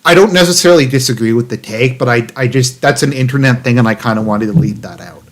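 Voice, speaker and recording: A man's voice: mid-range voice, quick pace. A man hosting a political commentary livestream, reading an article aloud with sarcastic asides and lots of fillers and restarts.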